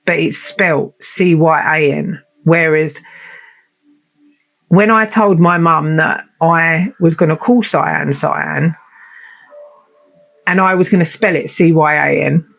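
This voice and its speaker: A woman's voice: deep voice, slow, vocal fry, pauses often. A woman hosting her own show, telling a personal story in a heartfelt, emotional and chatty way. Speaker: podcast host.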